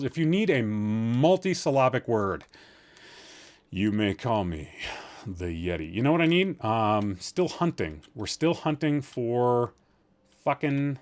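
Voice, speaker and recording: Guy hosting a live stream from home, rambles a lot, jokes around w his chat, pretty average pitch. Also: a little mellow. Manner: rambling, joking and teasing with the chat. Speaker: podcast host streaming live.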